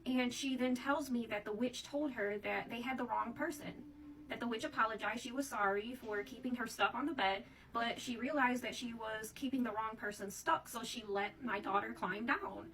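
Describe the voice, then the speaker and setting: A woman's voice: a little high, moderate pace, a bit bright, recorded from a distance, slight background noise, rough recording. A woman giving a casual tarot reading, chatting to her viewers and often calling them "Divine Collective". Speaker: tarot reader.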